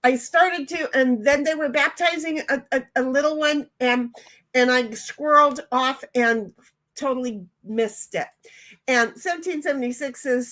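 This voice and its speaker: Bubbly high-voiced woman hosting a stream. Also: a little slow. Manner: bubbly, rambling, laughs often, loud greetings. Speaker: stream host. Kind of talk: casual chat while reading live chat aloud.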